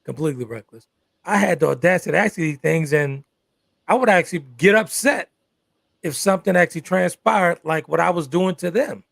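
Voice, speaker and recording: A man's voice: a little high, a little fast, gravelly, a bit bright, no echo, studio quality. A man co-hosting a live talk show about relationships, talking emphatically and often repeating "exactly" and "good stuff".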